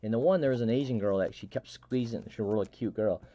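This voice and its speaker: A middle-aged man hosting a live stream, telling a story in a halting, rambling way with many restarts and fillers. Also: lowish voice, mellow, dull audio. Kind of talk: casual storytelling chat.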